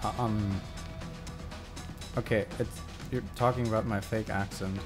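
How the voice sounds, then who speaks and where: A man's voice: on the low side, steady tone, unhurried, music in the background. Rambling man thinking aloud while editing. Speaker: video essayist live-streaming his editing. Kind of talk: casual live stream commentary.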